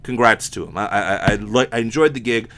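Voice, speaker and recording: A man's voice: on the low side, a little fast, a bit bright. Man talking with a slight lisp. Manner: rambling, candid, swears freely, restarts often. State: sore mouth from impacted wisdom teeth. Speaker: podcast host. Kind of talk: casual solo podcast monologue.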